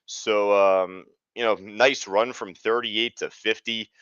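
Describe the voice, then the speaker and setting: A man's voice: lowish voice, steady tone, slow pace, a bit bright, clean tone, no room sound, muffled recording. A man hosting a live trading webinar, talking casually with lots of fillers. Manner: casual, chatty, many fillers. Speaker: trading room host.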